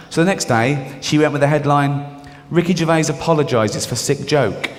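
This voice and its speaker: A man performing a stand-up routine, dropping into low mumbled asides and jumping up into excited high outbursts. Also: brisk. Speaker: stand-up comedian. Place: large live venue before an audience. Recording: live stand-up in a big reverberant hall, audible audience.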